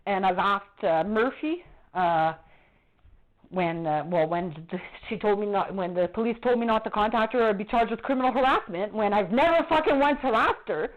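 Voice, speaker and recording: A woman's voice: mid-range voice, moderate pace. A middle-aged woman on a phone call to police, agitated and accusatory, swearing heavily as she complains. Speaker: caller reporting to police. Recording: muffled phone-call recording.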